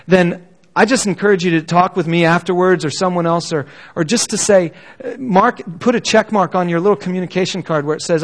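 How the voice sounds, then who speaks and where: A man's voice: high voice, brisk. A middle-aged man preaching a sermon as pastor, speaking in an earnest, encouraging and conversational way.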